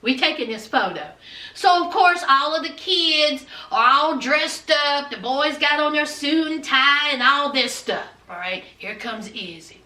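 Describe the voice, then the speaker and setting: A woman giving a chatty, animated recap of a TV episode, calling her viewers "honey" and "child" as she talks. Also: high-pitched, a little slow, few pauses. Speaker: TV episode reviewer. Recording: roomy, distant from mic.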